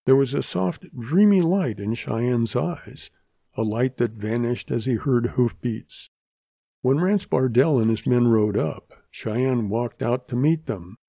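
A man narrating a western story in a measured, deliberate reading voice. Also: mid-range voice, creaky, mellow, dry recording.

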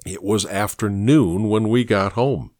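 A man's voice: lowish voice, unhurried, a little mellow, no echo, studio quality, close to an everyday voice. A man voicing a blunt, practical best friend with a matter-of-fact, sarcastic way of talking.

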